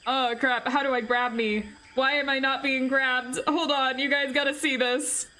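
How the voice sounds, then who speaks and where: Giggly high-voiced woman streamer. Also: level tone, moderate pace, sharp tone. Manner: giggly, breaks into laughter often; playful, talks directly to viewers. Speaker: streamer reading a visual novel. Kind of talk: casual live-stream chat.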